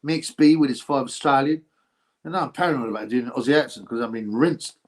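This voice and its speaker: On a loose, rambling livestream, a man who runs a boxing channel responds to viewer comments while thinking out loud, speaking a bit quickly at a middle pitch. His talk meanders and leans gossipy; he keeps asking himself things and starting over. Sentences get dropped halfway as he turns to say hello to chatters.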